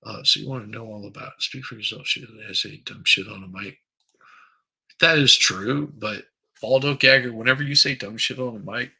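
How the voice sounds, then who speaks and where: A man's voice: lowish voice, gravelly, bright, forceful tone, breathy edge, poor audio. A man hosting a live stream, chatting casually and crudely, rambling while he reads viewer comments aloud. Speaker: livestream host.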